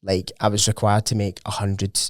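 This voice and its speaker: A man's voice: on the low side, completely flat delivery, normal speed, no room sound, clean studio sound. A young Scottish man chatting casually as a podcast guest, rambling with plenty of "like" fillers and swearing. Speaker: podcast guest, gym owner. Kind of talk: casual chat.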